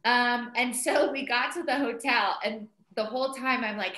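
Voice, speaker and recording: A middle-aged woman telling a story in casual conversation, animated and chatty, full of "like" and "um" fillers as she quotes herself. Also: a little high, normal speed. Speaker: interview guest, mother of the co-founder. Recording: roomy echo.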